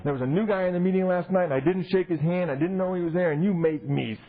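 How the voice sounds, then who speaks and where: A man speaking at a recovery convention, telling his story in an animated way and acting out the people he quotes. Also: high voice, fast. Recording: tinny 1990s tape recording.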